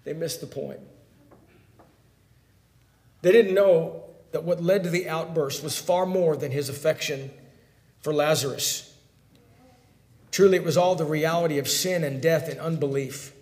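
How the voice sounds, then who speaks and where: A man preaching a sermon, dropping to a hush and then rising into emphatic, fervent passages. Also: fairly high pitch, a little slow, long pauses, reverberant. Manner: swings from hushed to emphatic. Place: church sanctuary.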